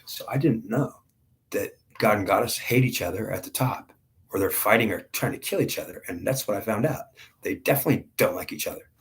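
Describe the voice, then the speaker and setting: A man's voice: lowish voice, lively intonation, brisk. A man in his forties giving an emotional, intense spiritual testimony, blunt and swearing, often restarting his sentences. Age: 40s. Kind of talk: personal spiritual testimony monologue.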